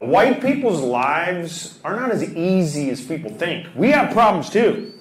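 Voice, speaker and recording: A man doing a stand-up comedy set with deadpan delivery and crowd work in a large theater. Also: a little high, measured pace. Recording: echoey hall with loud noise and crowd.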